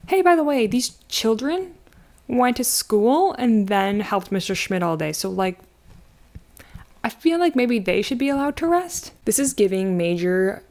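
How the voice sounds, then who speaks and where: A woman in her thirties giving a casual movie recap, with a medium-pitched voice. She talks in an animated, sarcastic way, full of slang and asides to the viewer. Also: moderate pace. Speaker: YouTube commentator.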